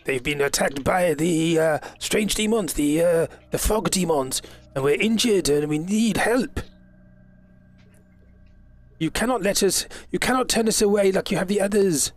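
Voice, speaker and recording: An indignant, pleading refugee leader, as a man puts him on, his voice lifted well above the speaker's own. He speaks in a tabletop fantasy game, and the sound is upfront and clear. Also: high voice, unhurried, voice pushed up. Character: desperate male refugee leader pleading at gate.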